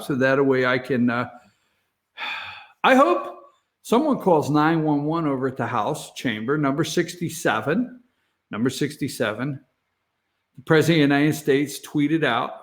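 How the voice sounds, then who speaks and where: A man's voice: a little high, a bit bright. Sarcastic man hosting a talk show. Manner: sarcastic, mocking, laughs at own remarks. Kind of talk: opinion talk show monologue.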